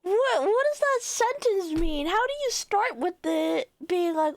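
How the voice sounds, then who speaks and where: Very high-voiced giggly woman streamer. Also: sing-song, a little slow, dry recording. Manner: giggly, teasing reactions. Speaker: streamer reacting to clips. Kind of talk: casual chat.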